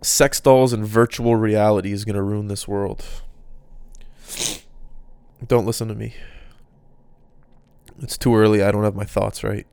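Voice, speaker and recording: A man's voice: lowish voice, flat delivery, a little slow, creaky, pauses often, a little mellow, clear, resonant tone, dry recording. A man hosting a casual solo podcast, rambling through off-the-cuff thoughts. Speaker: podcast host.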